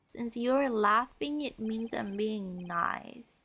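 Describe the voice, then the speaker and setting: A woman's voice: fairly high pitch, slow, few pauses, bright, forceful tone, faint music behind. A young woman streaming a game, chatting casually with her viewers and teasing them with mock laughter.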